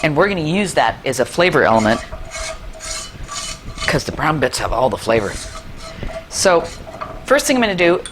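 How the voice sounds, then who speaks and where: A middle-aged woman with a slightly low voice walks viewers through a recipe in her kitchen. She is chatty and enthusiastic, tossing in playful asides, with a faint hiss of noise behind her. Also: sing-song, moderate pace, pauses often. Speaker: cooking show host. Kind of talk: cooking demonstration.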